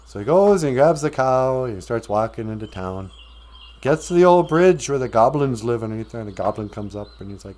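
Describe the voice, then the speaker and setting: A man's voice: mid-range voice, animated, brisk, a little mellow. A man hosting a live stream, retelling a fairy tale casually with rambling, joking asides. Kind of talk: casual comedic storytelling.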